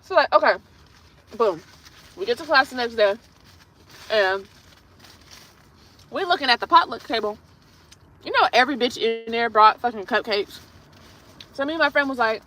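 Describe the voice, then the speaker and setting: A woman's voice: a little high, animated, normal speed, pauses often, bright, forceful tone, poor audio. A woman hosting a nail livestream, chatting through a blunt, profane story in a casual storytelling way. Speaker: nail artist livestream host. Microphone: streaming setup while doing her nails.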